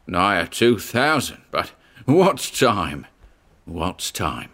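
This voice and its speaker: A man voicing a gruff old male sailor ghost who talks in a laconic, folksy drawl. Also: sits low, sing-song, drawn-out words, a bit bright, heavily acted.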